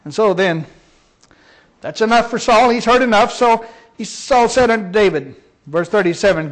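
A man's voice: sits high, expressive, normal speed. A man minister delivering a sermon with emphatic, dramatic storytelling.

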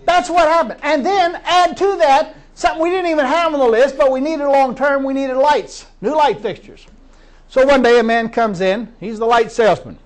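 A man's voice: extremely high pitch, moderate pace. A middle-aged man preaching as a pastor, telling stories of faith earnestly and repeating words as he builds up. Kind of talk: storytelling sermon.

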